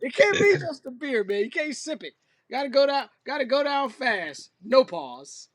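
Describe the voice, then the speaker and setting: A man's voice: very high-pitched, sing-song, moderate pace, dry recording. A man co-hosting a casual podcast, joking loosely and teasing his partner. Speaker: podcast co-host. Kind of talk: casual chat.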